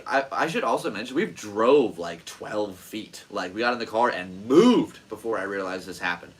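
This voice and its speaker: With hardly any pauses, a man whose voice sits on the low side speaks at a moderate pace on poor audio. He's a podcast host telling a story in casual chat, animated, swearing freely, and voicing the people he quotes.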